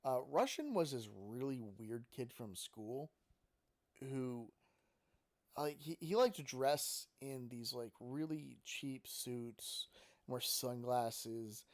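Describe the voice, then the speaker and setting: A man's voice: medium pitch, animated, takes it slowly. Profane, rambling male storyteller. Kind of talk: casual storytelling.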